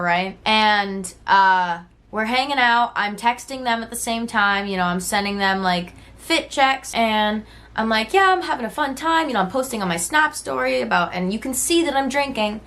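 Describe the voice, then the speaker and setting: A woman's voice: medium pitch, moderate pace, fairly bright tone. A woman in her twenties telling a personal story in a casual, conversational vlog, peppered with "like" and the occasional swear word. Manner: conversational, frequent "like" and "right?", swears freely; candid, retelling texts in quoted voices.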